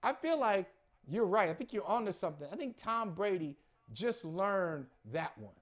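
A man's voice: sits high, big pitch swings, moderate pace. A man co-hosting a sports talk show, talking casually in a reflective, conversational and agreeable way. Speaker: sports podcast co-host. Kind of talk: casual chat.

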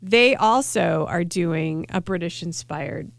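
A woman's voice: on the low side, slow pace, creaky, no room sound. A woman co-hosting a casual radio food chat, wry and chatty, often restarting her sentences. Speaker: co-host, food writer.

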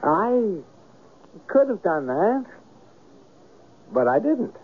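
A man's voice: high-pitched, sing-song, very slow, slightly rough, full character voice. An actor playing a reflective writer who narrates his own story in a 1970s radio drama. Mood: wry. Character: reflective male writer, wry and dry. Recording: narrow phone-like old radio broadcast.

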